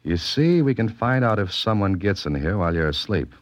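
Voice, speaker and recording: An actor playing a wry, self-assured detective in a 1940s radio drama, dry and commanding. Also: male voice, on the low side, sing-song, a little fast, dry recording. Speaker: private detective.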